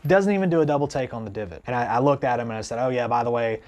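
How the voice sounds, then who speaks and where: A guitar vlogger speaks casually to the camera in a medium-pitched voice at a racing pace. He rambles through an indignant story, packing it with "like" and "you know," and keeps restarting as he animatedly retells it.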